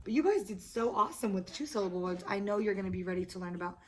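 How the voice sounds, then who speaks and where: In a noisy classroom full of children's chatter, a woman teaches a small group of young kids, patient, encouraging, and quick with praise. She's an elementary school teacher whose medium-pitched voice is expressive, a little mellow, and racing.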